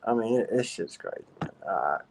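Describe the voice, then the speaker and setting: A man hosting a casual commentary stream, telling stories in a profane, animated way. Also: fairly low pitch, a little fast, creaky, a little hiss or hum, poor audio. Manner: profane, animated storytelling with laughs. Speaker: show host.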